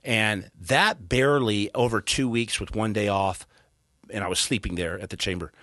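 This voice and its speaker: Low-voiced man telling a harrowing story. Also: normal speed, no room sound, studio quality. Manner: earnest, animated retelling with stammered restarts. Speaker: podcast guest. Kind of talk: casual storytelling. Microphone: studio podcast mic.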